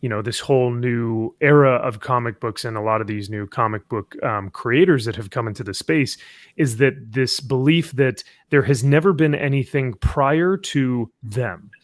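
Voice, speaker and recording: A man's voice: medium pitch, normal speed, no room sound, studio quality. A man hosting an online panel chat, joking around and reading out viewer messages. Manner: jokey, reads out viewer messages. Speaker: host.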